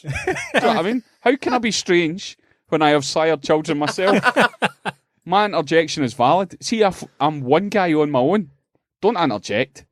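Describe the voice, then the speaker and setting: Scottish male co-host, middle-aged, lively sweary raconteur, dry close mic. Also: a little high, moderate pace, dry recording. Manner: animated storyteller, swears freely and acts out voices. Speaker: podcast co-host. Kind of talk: casual comedic chat.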